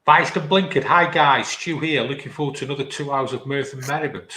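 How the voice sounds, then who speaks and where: A man's voice: medium pitch, a little fast, sharp tone. A man hosting a live show, reading viewer comments in a chirpy, bantering way. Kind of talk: casual live-stream chat. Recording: roomy echo.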